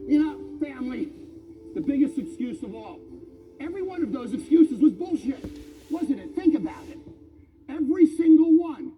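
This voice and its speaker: Male motivational speaker, challenging and pointed, high-pitched, thin phone-like sound over quiet music. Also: sing-song, normal speed. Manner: challenging, uses pointed rhetorical questions. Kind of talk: motivational speech. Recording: tinny phone-like recording over faint music.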